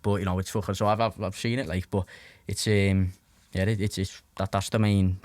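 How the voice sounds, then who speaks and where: A man's voice: deep voice, level tone, brisk, darkish tone, dry recording. A young man in his twenties with a Scouse accent, telling stories as a podcast guest in a rambling way, full of "like" fillers and swearing. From Liverpool, England. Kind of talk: casual anecdotal storytelling.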